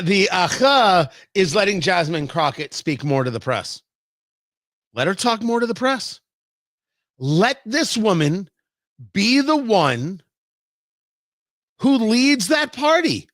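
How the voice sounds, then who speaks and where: A man's voice: high-pitched, pushed and bright, no room sound. A male talk show host giving a rambling, sarcastic political commentary monologue, full of restarts and tangents. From United States.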